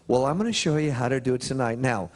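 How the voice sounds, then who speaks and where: A man speaking at a motivational seminar, telling a story with lively swings in pitch and pauses for emphasis. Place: prison chapel or hall.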